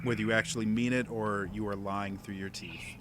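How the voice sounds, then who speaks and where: Game master, male, lower pitch, unpolished delivery full of fillers, noisy recording. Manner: halting narration with many fillers. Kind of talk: narrating a tabletop game. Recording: steady background noise.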